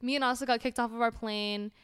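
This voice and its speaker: A woman's voice: on the high side, fairly even intonation, fast talker, fairly bright tone, clear, resonant tone. A young woman co-hosting a casual chat, telling a story with lots of acted-out quotes and casual swearing. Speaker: podcast co-host.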